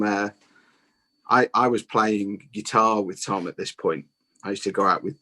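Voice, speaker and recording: A man's voice: fairly low pitch, a bit bright. A man on a podcast, telling a long, rambling, sweary story in casual chat, with lots of restarts. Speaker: podcast guest, guitarist.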